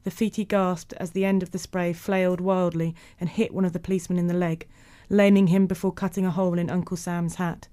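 A woman narrating a storybook in an even, measured way. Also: on the low side, dry recording.

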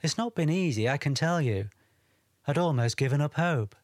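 A man voicing a gentle, shy young woman freed from a spell, speaking softly in an audiobook. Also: a little high, expressive, normal speed, dry recording, clean studio sound. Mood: recounting. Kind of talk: audiobook character reading.

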